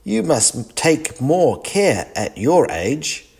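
A man's voice: fairly high pitch, sing-song, very slow, creaky, darkish tone, slightly rough, pitched above the performer's own voice, heavily acted. A man voicing a worried father in a storybook reading, scolding earnestly.

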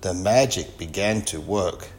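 A man reading a children's storybook aloud, slowly and clearly paced. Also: low voice. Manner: slow, sing-song, clearly paced. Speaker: storybook reader.

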